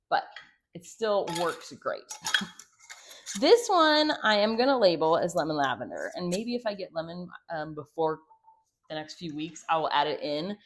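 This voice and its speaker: A woman with a slightly low voice talks her viewers through a homemade project in a casual, chatty way. She rambles, drifts into asides and fills her pauses with little hesitations. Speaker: homestead vlogger. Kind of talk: casual how-to chat.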